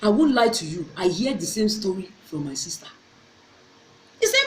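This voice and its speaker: A woman's voice: medium pitch, very animated, normal speed, pauses often, slight background noise. Earnest woman in an echoey room. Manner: emotional and earnest, repeats and restarts phrases. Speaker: vlogger. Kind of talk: personal storytelling to viewers.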